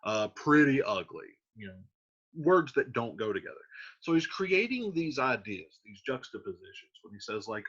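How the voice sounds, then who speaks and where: A man teaching a casual literature lesson, explaining lines in loose slang with an animated delivery, recorded in lo-fi. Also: medium pitch, moderate pace, breathy edge.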